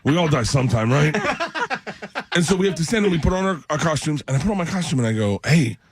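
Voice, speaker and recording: A man's voice: on the high side, animated, fast talker, a loud crowd. A middle-aged man, a comedian guest in a radio studio, telling a funny story with laughs and acting out other people's voices. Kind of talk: animated storytelling.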